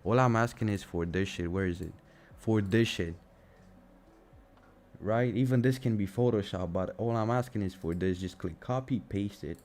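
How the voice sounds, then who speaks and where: This trading streamer, a young man, has a low, slightly mellow voice and a moderate pace. Ranting on his casual live stream, he's sarcastic and fed up, cursing and addressing everyone as "bro" with the mic pressed close.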